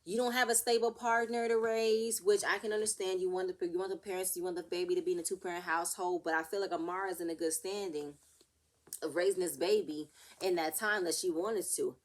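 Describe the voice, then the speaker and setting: A young woman casually recapping a reality TV episode, ranting and acting out the cast's arguments in an animated way. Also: on the low side, fairly quick. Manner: animated, rants and acts out the cast's quotes.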